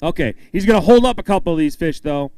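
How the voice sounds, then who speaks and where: High-voiced upbeat weigh-in emcee, a man. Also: lively intonation, fast talker, darkish tone, clean tone, dry recording. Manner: upbeat, hypes each angler and jokes with them. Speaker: tournament emcee. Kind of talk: live weigh-in announcing.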